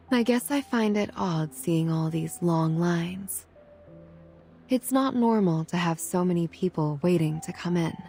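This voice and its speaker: An actress voicing a calm, pensive young woman in game voice acting, speaking in a slow, measured, reflective way. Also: lowish voice.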